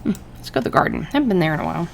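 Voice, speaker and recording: A chatty woman streamer thinking out loud as she plays, her voice lively and bouncing in pitch. A gravelly fry runs through her talk, and a faint hiss sits under the recording. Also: racing. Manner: chatty, playful, thinking aloud. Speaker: gaming streamer. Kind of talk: game playthrough, reading dialogue aloud.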